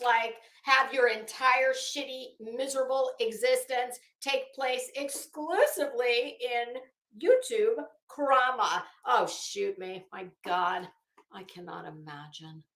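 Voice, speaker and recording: A woman's voice: high-pitched, animated, slow pace, bright, forceful tone, reverberant. A middle-aged woman hosting a casual livestream, blunt and chatty, greeting viewers by name. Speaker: livestream host.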